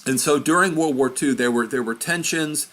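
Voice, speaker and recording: A man's voice: medium pitch, normal speed, fairly bright tone. A man giving an informal history lesson, chatty and self-correcting as he points at a map. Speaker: history teacher.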